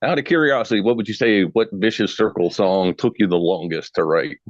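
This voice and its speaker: A man's voice: fairly low pitch, fairly quick, no echo, lo-fi sound. A man co-hosting an interview, asking curious, easygoing questions in casual chat. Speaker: co-host.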